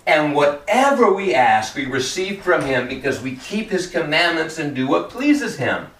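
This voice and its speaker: A man preaching a sermon in a conversational, animated way, joking and acting out little quoted exchanges. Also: a little high, unhurried, echoey room, far from the mic, slight background noise.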